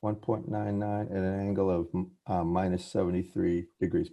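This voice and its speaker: A man's voice: low voice, flat delivery, moderate pace, creaky, hardly any pauses, mellow. A man lecturing over a video call, often stopping to correct himself and apologize. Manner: apologetic, restarts and self-corrections. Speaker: professor. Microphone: computer mic on a video call.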